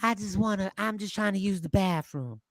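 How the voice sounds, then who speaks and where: A man's voice: high voice, fairly quick, no echo, studio quality, voice pushed down. A man putting on a mincing Southern belle. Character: prissy Southern belle woman.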